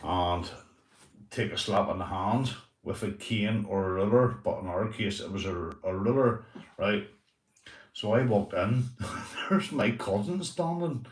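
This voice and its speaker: A man's voice: lowish voice, lively intonation, a little slow, echoey room, recorded from a distance, poor audio. A Northern Irish man telling stories on his livestream, swearing often and asking "right?" after almost every line. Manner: swears a lot, repeats "right?" and "mate". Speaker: livestream host. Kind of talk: casual livestream storytelling.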